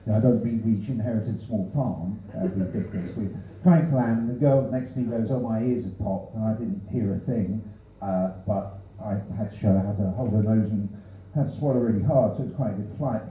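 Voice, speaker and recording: A man's voice: on the low side, quick pace, few pauses, slight background noise. A man doing a stand-up set of new material, delivering dry punning one-liners with offhand asides from a small club stage. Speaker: stand-up comedian. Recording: echoey room, distant, slightly dull.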